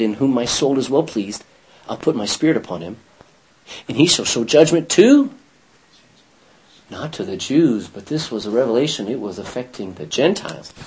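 A man's voice: medium pitch, a little mellow, husky, low-quality recording. A man leading a Bible study class, reading scripture aloud and putting questions to his students.

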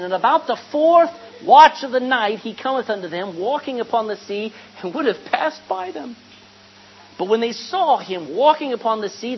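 A woman preaching a sermon, retelling a scripture story with animated storytelling, asking the congregation questions and calling for amens. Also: mid-range voice. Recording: dull lo-fi recording with faint hum.

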